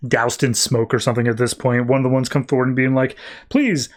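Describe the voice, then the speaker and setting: A man's voice: medium pitch, flat delivery, fast. A man hosting a podcast, recapping comics in a rambling, slangy way and acting out the characters' lines. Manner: rambling, slangy, acts out quotes. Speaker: podcast host. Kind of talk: casual comic book recap.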